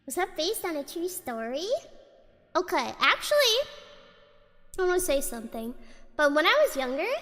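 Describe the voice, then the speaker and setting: A woman's voice: high voice, very animated, moderate pace, pauses often, fairly bright tone, in a large hall. A woman streamer reading a spooky story aloud in a casual way, giggling often and breaking off to chat.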